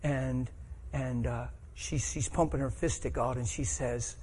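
A man's voice: mid-range voice, steady tone, a little slow, few pauses, darkish tone, slightly rough. A middle-aged man preaching a sermon, telling a personal story with rising emotion.

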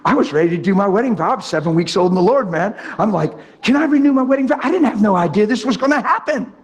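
A man's voice: high-pitched, expressive, quick pace. A man preaching a sermon, telling his own story with spontaneous, emphatic delivery and acted-out quotes. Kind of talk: sermon with personal testimony.

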